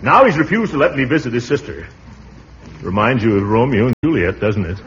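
Pompous middle-aged man, lively swooping delivery, dull hissy old radio sound. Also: medium pitch, a little fast. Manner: pompous, blustery, chuckling. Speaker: uncle, lead comic character. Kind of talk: 1940s radio acting.

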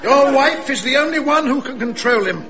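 A man's voice: extremely high pitch, expressive, normal speed, very noisy. A man playing a sly, shady freak-show owner in a comic radio play. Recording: dull lo-fi recording with music.

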